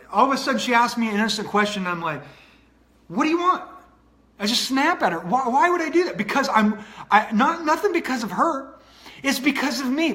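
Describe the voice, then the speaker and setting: A man with a rather high voice leads a motivational livestream. He talks earnestly and repeats himself, stopping to greet viewers by name as he goes. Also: a bit bright. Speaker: online coach.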